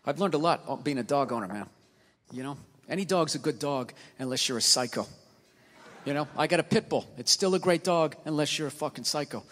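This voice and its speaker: A man doing a stand-up comedy routine on a theater stage, ranting and swearing, swinging from mutters to shouts. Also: a little high. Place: large theater stage with live audience. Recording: live hall with audience.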